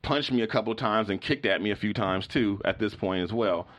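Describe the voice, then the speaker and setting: A man's voice: fairly low pitch, brisk. A middle-aged man hosting a podcast, telling a long story in a loose, rambling way and acting out the voices of the people in it. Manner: animated, acts out the voices of people in his story; rambling, full of "like" and restarts. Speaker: podcast host. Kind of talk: casual storytelling.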